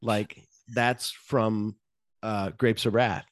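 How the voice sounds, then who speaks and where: A man's voice: on the low side, fairly even intonation, extremely slow, dry recording, clean studio sound. A man hosting a casual podcast chat, recapping a film plot and swearing freely as he jumps into quoted lines. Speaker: podcast host.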